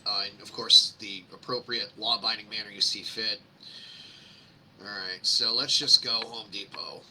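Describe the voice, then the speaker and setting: A man on the low side, with a sharp tone, fairly even intonation and moderate pace, reads complaints aloud during a live screen-share, with a little hiss or hum. He mocks them with sarcastic remarks and rambles with many fillers in casual commentary.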